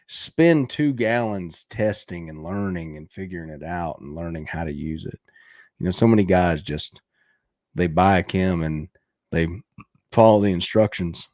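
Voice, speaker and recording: A man's voice: deep voice, a little mellow, no echo, studio quality. A man hosting a casual livestream, reacting to viewer videos in a brash, coaching way, swearing casually and laughing often.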